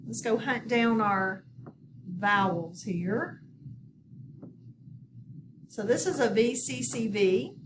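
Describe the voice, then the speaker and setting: A woman teaching a phonics lesson in a recorded video, slow and patient, often checking in with her students. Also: a little high, animated. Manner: slow, patient, instructive with repeated prompts. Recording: distant mic with background noise.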